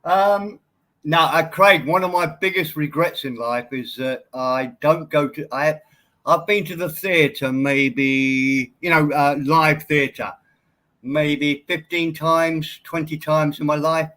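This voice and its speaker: A man in casual chat, hesitant, with halting restarts. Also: on the high side, fairly even intonation, bright, forceful tone.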